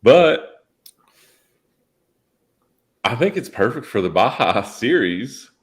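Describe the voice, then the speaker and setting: A man's voice: medium pitch, sing-song, slow pace. A man co-hosting a casual soda review, teasing his partner and giggling. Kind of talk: casual chat.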